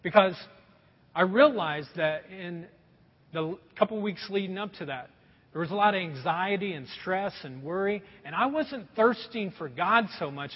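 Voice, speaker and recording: A man's voice: sits high, lively intonation, normal speed, breathy edge, in a large hall, highs cut off. A middle-aged man preaching a sermon in a church, telling folksy stories and calling his congregation folks. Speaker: pastor. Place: church sanctuary.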